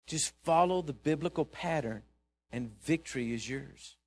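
Pastor preaching with story-driven fervor. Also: male voice, a little high, moderate pace. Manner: animated storyteller, swings from hushed asides to loud exhortation. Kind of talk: sermon with storytelling. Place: church.

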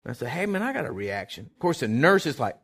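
Older man, rambling testimony, drops to a hush then bursts loud, mid-pitched voice. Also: sing-song, fast, husky. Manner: emotional, swings from hushed to shouting; rambling with many fillers. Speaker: testimony speaker. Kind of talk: personal testimony storytelling.

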